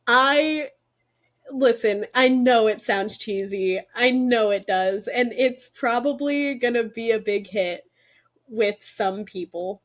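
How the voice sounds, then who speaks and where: A young woman co-hosting a podcast in casual chat, excited and talkative with lots of fillers. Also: on the high side, slow. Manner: excited, chatty, many fillers. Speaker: podcast co-host.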